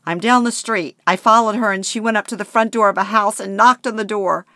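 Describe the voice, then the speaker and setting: A woman's voice: medium pitch, fairly even intonation, a little fast, sharp tone, dry recording, studio quality, pitched above the performer's own voice, lightly acted. A woman voicing a panicked elderly husband. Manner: frantic, rattled.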